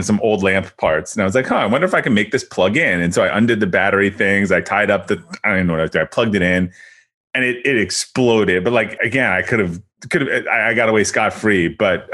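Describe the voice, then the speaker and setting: A man hosting an interview in a relaxed, halting way. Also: deep voice. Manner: relaxed, halting, with many restarts. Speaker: podcast host. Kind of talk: casual interview chat.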